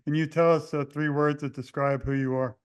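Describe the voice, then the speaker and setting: Flat, smooth-voiced male interviewer. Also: fairly high pitch, fairly quick. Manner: supportive interviewer, laughs often. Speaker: podcast host. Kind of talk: casual interview hosting.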